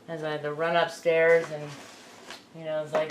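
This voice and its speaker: Slow, low-voiced woman thinking aloud. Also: steady tone, a little hiss or hum. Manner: rambling, self-talking, chuckling. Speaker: crafting vlogger. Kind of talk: thinking aloud while repairing a computer. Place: home room.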